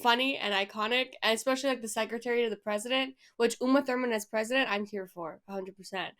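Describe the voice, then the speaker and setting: A woman co-hosting a podcast in casual chat. She is blunt and animated, swearing freely and throwing in quick asides, with a slightly high voice. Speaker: podcast co-host.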